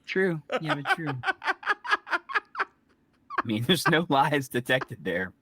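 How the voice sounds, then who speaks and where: A man co-hosting a podcast, chatting casually and throwing in quick teasing remarks during an episode recap. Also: a little high, sing-song, sharp tone, breathy edge, dry recording. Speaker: podcast co-host.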